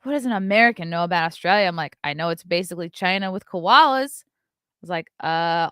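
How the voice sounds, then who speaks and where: A woman's voice: fairly low pitch, brisk, sharp tone, smooth, no room sound, clean studio sound. A woman in her thirties hosting a live stream, telling brash, sarcastic stories and reading out viewer messages. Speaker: host. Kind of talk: casual live-stream chat.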